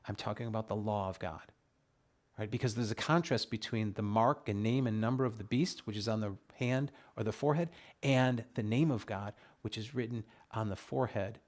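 A man's voice: medium pitch, darkish tone. A man leading a Bible study, reading scripture aloud and reacting to the verses with emphatic exclamations. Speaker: Bible teacher.

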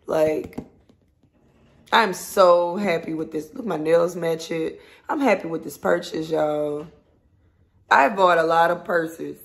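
A woman talks to her viewers in an unhurried, excited way. Her voice has a gravelly edge and bounces around an echoey room. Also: lowish voice. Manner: chatty, excited, addresses viewers as y'all. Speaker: vlogger. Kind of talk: casual unboxing chat.

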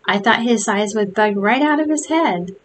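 A woman's voice: medium pitch, expressive, moderate pace, noisy background, natural voice. A woman reading the part of a sly schoolboy scheming over a prank in a storybook. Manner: knowing, scheming.

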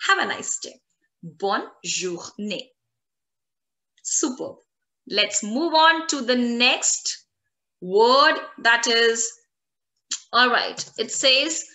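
Female French tutor, slightly high voice, patient drilling pace, upbeat praise. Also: bright, forceful tone. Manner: slow, repeats each word many times for practice; encouraging, calls out guesses and praise. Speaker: French teacher. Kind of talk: online language lesson.

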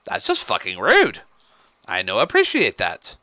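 A man giving let's play commentary on a shooter game, excitable, swearing and yelling at enemies. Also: fairly low pitch, measured pace, no echo. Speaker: gaming YouTuber.

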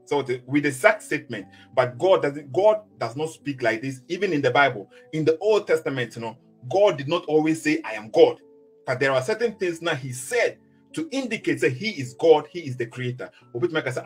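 A man's voice: a little high, animated, brisk, husky, soft background music. A man with a Ghanaian accent teaching from the Bible in a preaching style, switching between Twi and English and reading verses aloud. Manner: mixes Twi and English, reads scripture aloud. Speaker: religious debater.

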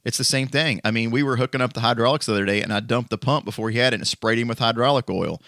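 A man, a firefighter and co-host, telling lively work stories in a casual chat and laughing at himself. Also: mid-range voice, quick pace, dry recording, studio quality. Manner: lively anecdotes with self-deprecating laughs.

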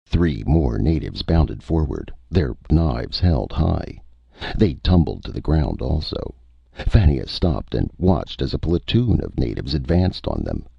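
A man narrating a science fiction story in a husky, gravelly voice, muffled lo-fi recording. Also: very deep voice, very animated, measured pace, no echo. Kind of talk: audiobook story reading.

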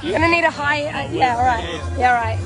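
A young woman with a New Zealand accent and a hoarse voice, chatting bubbly and casually as she vlogs on a phone at an outdoor protest camp. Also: sits high, quick pace. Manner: bubbly, chatty, laughs often. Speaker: vlogger. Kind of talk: casual walking vlog. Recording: crowd chanting and music behind.

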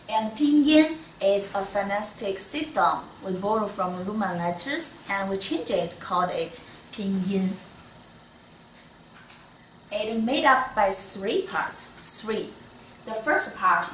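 Slow-talking Chinese-accented woman teacher. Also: mid-range voice, slight background noise. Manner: slow, patient, non-native English, many soft "mm"s. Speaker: Mandarin teacher. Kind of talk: one-on-one online lesson. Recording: echoey room, voice from a distance.

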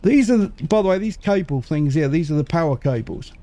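A man casually commentating a game as he plays, muttering to himself and making quick jokes. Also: on the high side, expressive, mellow, dry recording. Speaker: gaming channel host. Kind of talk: casual let's-play commentary.

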